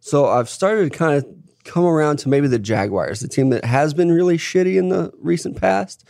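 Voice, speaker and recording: A man co-hosting a sports podcast, talking in a relaxed, blunt way, recorded in an office. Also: fairly high pitch, moderate pace, vocal fry, no echo, studio quality. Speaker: podcast co-host. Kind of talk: casual sports chat.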